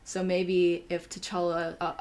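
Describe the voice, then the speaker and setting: A young woman co-hosting a casual fan podcast, relaxed and laughing often as she thinks aloud. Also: on the low side, takes it slowly. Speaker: podcast co-host.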